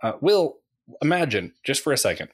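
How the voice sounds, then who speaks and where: A man in his thirties hosting a casual podcast, upbeat and quick to laugh, his voice lifting when he asks questions. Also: medium pitch, very animated, husky. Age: 30s. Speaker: podcast host. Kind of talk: casual chat.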